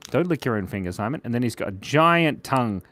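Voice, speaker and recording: A young man hosts a live drawing stream, talking fast and animatedly in a mid-range voice with a fairly bright tone. He chats playfully, giggles, and reads viewer comments aloud in a casual drawing chat.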